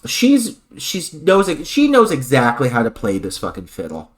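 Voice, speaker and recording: A man's voice: mid-range voice, huge pitch swings, moderate pace. A man co-hosting a film podcast who recaps scenes analytically and laughs often. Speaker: podcast co-host. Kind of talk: casual film review chat.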